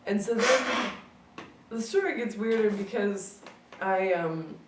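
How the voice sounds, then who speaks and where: Casual storyteller, mid pitch, heard from across a roomy space. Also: takes it slowly, recorded from a distance, heavy background noise. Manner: chatty, acts out quoted dialogue, many fillers of "like". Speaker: speaker sharing a memory at a gathering. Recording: roomy sound from away from the mic.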